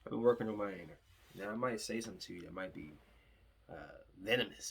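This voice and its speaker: A man's voice: deep voice, quick pace, vocal fry, slightly rough. A young man hosting his own podcast, telling a long, rambling story full of fillers and asides. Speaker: podcast host. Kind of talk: casual storytelling monologue.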